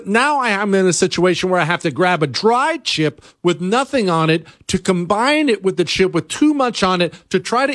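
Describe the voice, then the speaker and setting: A man hosting a talk show, ranting comically in an animated, exasperated way, jumping high and then dropping low. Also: no echo, clean studio sound. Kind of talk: comedic rant on a talk show.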